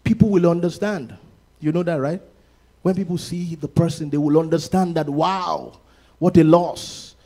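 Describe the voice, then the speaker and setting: Man, preacher, high voice, shouting and sing-song bursts, drops to quiet asides, repeats himself. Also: fairly quick. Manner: rises to shouted, sung-out exclamations, then drops low and conversational; repeats words and restarts mid-phrase. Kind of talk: sermon.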